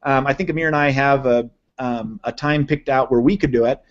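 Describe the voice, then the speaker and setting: A man's voice: mid-range voice, fairly even intonation, a little fast, muffled recording. A man presenting a live online lesson on sales copywriting, enthusiastic and conversational, often checking in with his listeners. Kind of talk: live online teaching session.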